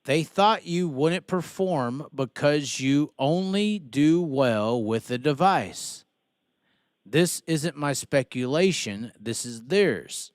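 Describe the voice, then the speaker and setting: A man's voice: fairly high pitch, expressive, slow, dry recording, clean studio sound. A man hosting a live-stream talk, speaking bluntly, swearing freely and stammering on restarts. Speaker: podcast host. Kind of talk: casual live-stream talk about racing.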